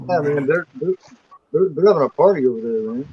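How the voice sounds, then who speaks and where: A man's voice: a little high, lively intonation, brisk, husky, dull audio. A man chatting casually on a video call, laid-back and often saying "man" and "you know what I mean". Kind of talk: casual group video chat.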